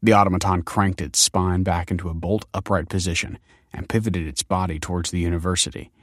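Deep-voiced man narrating a story. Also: fairly even intonation, fairly quick, no room sound, studio quality.

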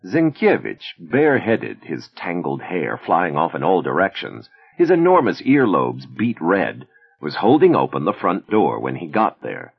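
Deep-voiced, creaky male narrator. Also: lo-fi sound. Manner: measured, expressive storytelling. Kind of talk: audiobook narration.

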